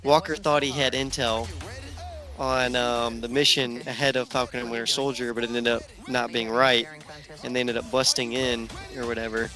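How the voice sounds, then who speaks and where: A man's voice: mid-range voice, flat delivery, moderate pace, sharp tone, soft background music. A man co-hosting a podcast who agrees often, jumps in, and corrects episode details in casual chat. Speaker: podcast co-host. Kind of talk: casual chat recapping a TV show.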